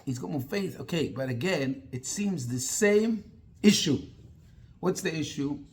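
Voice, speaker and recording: A rabbi leads a lively class and keeps pressing his listeners with question after question. His voice sits a little high for a man and stays expressive throughout. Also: unhurried. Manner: animated, asks the class many rhetorical questions. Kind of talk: interactive Torah class.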